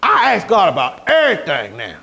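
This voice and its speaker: A man preaching a sermon as pastor, telling stories with growing energy and sometimes shouting. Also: high-pitched, fairly quick, gravelly. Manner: animated storytelling, rising to shouts.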